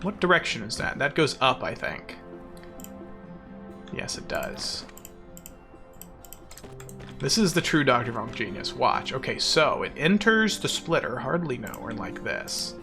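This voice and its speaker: Gravelly, lively male game streamer. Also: medium pitch, measured pace, long pauses, music in the background. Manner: playful, mock-boastful, laughs often. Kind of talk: casual live-stream commentary while playing.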